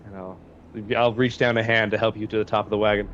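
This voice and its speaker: A man calmly describes his character's moves at a game table. His audio sounds dull and lo-fi, with faint noise underneath. His tone stays relaxed. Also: fairly low pitch, quick pace. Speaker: player. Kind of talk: tabletop role-play chat.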